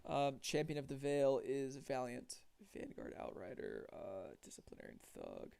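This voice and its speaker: Gravelly-voiced man chatting to his chat. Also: mid-range voice, huge pitch swings, normal speed, warm tone. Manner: chatty, thinks aloud, easily exasperated. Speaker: streamer. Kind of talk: casual gameplay commentary to chat.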